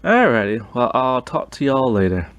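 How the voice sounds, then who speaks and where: A man's voice: medium pitch, sing-song, moderate pace, heavy background noise. A man ranting in an exasperated, rambling way about a TV episode, sighing often. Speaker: show reviewer. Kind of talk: ranting TV review.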